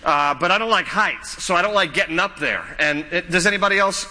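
A middle-aged man preaches to his church in a high, piercingly bright voice, repeating phrases for emphasis and asking his listeners questions. His stories come across as chatty and personal. The sound carries the long reverb of a church sanctuary. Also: expressive, a little fast. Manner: conversational, repetitive phrasing, asks the congregation questions. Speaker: pastor. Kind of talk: live sermon with stories.

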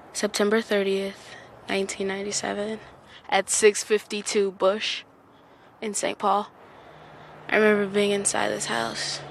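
A woman with a gravelly, creaky voice speaks slowly and reflectively, telling her own story. She stands outdoors on a porch, with faint noise behind her. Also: medium pitch, a bit bright. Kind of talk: personal story narration.

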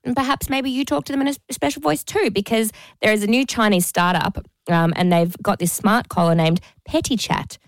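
A woman's voice: mid-range voice, a little fast, few pauses, no room sound. A woman with an Australian accent co-hosting a radio show in casual, chatty, playful talk. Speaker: radio co-host.

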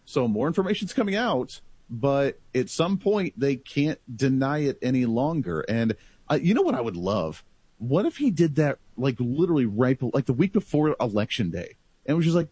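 A man talking in a casual political talk show, animated and rambling in long stretches. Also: mid-range voice, normal speed, husky, no room sound.

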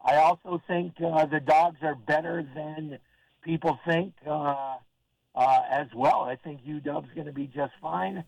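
An older man phones in to a talk show, talking slowly and haltingly through restarts and fillers. His voice is gravelly and sits a bit high for a man, and the line sounds dry and close. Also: steady tone, a little mellow, no echo, poor audio. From Oregon. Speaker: caller. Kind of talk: casual call-in chat.

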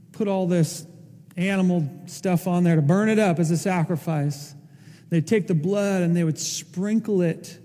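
Emphatic high-voiced man preaching. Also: dark tone, big-room sound. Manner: impassioned, rising to emphatic peaks. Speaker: pastor. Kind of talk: sermon.

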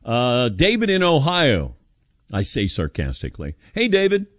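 A man's voice: normal speed, no room sound. A middle-aged man hosting a sports talk radio show, opinionated and emphatic, taking calls from listeners. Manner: opinionated, animated, jumps in pitch for emphasis.

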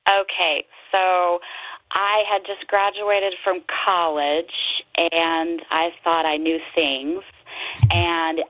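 A woman calling in to a radio show, telling a story about herself in a wry, self-deprecating way. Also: low voice. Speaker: radio caller. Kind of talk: phone call-in storytelling. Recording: tinny phone line on radio.

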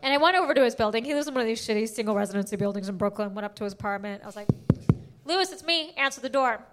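A woman's voice: mid-range voice, fairly even intonation, rapid-fire, noisy background. A woman performing a stand-up comedy set, brash and crude, firing off self-mocking punchlines. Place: comedy stage before a laughing audience.

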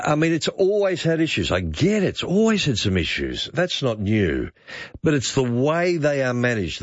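A man's voice: medium pitch, no room sound. A male talkback radio host who muses aloud and reads out listener texts. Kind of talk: late-night talkback radio. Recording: muffled radio broadcast.

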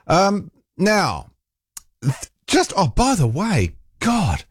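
High-pitched and breathy at the edges, this man's voice swoops wildly in pitch and draws out his words, with no echo. A New Zealand talk radio host, he delivers a casual, rambling monologue on a studio microphone, full of fillers and restarts.

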